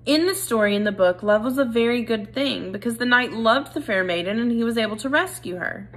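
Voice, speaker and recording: A woman reading a children's novel aloud, gentle and expressive, speaking directly to the reader. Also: on the high side, a little fast. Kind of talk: read-aloud narration.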